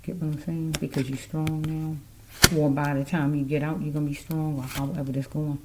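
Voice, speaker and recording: A woman's voice: sits low, level tone, normal speed, heavy background noise. A woman giving a casual tarot card reading, rambling and musing aloud as she speaks straight to the listener.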